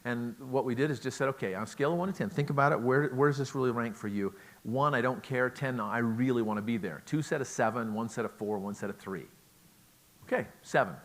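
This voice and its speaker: A man's voice: medium pitch, quick pace, hardly any pauses. Middle-aged guy giving a talk, jokey and chatty, keeps asking the audience stuff, regular mid voice. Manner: chatty, joking, asks the audience questions. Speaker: conference speaker on relationships. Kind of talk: lecture to a live audience.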